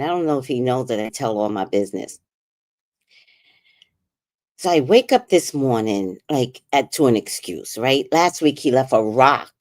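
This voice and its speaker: A woman's voice: a bass voice, no room sound, studio quality. A middle-aged woman casually telling a personal story as a podcast host, laughing and quoting others in put-on voices. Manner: animated, laughing, quotes people in put-on voices.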